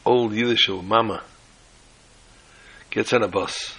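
A man teaching a sermon-style lesson and telling a joke along the way. His voice is gravelly and bright, with a husky edge. He restarts his phrases often and mixes in Hebrew and Yiddish words. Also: lowish voice, fairly even intonation, unhurried, poor audio.

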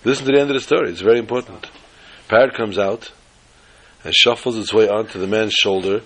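A man teaching an informal Torah class, telling jokes and stories with lively jumps in pitch for emphasis. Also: rapid-fire. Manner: animated storyteller who jumps to high pitch for emphasis.

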